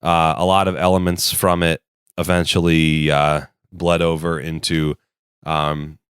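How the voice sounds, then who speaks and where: Very deep, smooth-voiced man chatting. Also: little pitch movement, unhurried, a bit bright, no room sound, clean studio sound. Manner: rambling, enthusiastic storyteller. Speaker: podcast co-host. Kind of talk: casual chat.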